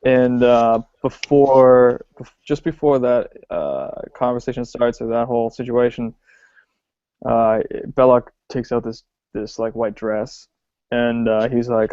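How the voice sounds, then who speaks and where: A man co-hosts a casual podcast about films and talks in a relaxed, halting way full of ums. His voice is warm and mellow. The recording is dry and dull. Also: medium pitch, clear, resonant tone, dry recording. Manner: relaxed, hesitant with many ums. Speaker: podcast co-host. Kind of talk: casual film discussion.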